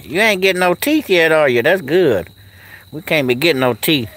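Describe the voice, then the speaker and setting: A man's voice: on the high side, lively intonation, moderate pace, fairly bright tone. A man chatting casually on a live stream outdoors at a kennel, cooing at his animals and answering the chat in a folksy way.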